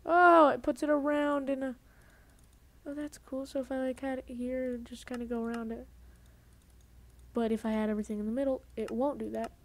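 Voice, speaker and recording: Rambling gamer woman with a higher voice. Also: steady tone, fairly quick, pauses often. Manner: rambling, self-interrupting, grumbling. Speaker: gaming video host. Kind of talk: casual let's-play commentary. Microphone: headset.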